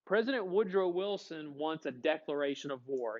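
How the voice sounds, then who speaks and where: A man's voice: on the high side, animated, moderate pace, hardly any pauses, dull audio. A man teaching a history class, talking casually and asking his students questions before answering them himself. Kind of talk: classroom lecture.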